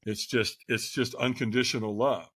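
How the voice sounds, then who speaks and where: A man's voice: medium pitch, moderate pace, no room sound, clean studio sound. Older man telling his story candidly. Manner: candid, animated when acting out others. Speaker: podcast guest. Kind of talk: conversational storytelling.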